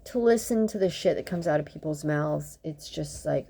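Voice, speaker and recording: A woman in her fifties, a dental practitioner, talking casually in a slightly low voice. She vents in a blunt, sarcastic way, swearing freely and rambling from one exasperated story to the next. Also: normal speed, vocal fry, dark tone, a little hiss or hum. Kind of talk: casual venting monologue.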